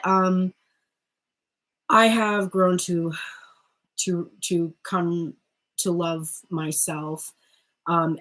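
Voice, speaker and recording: A woman's voice: fairly low pitch, creaky, fairly bright tone, rough recording. A young woman giving a spiritual card reading at home, talking in a chatty, rambling way full of fillers and restarts, into a phone or webcam. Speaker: tarot reader.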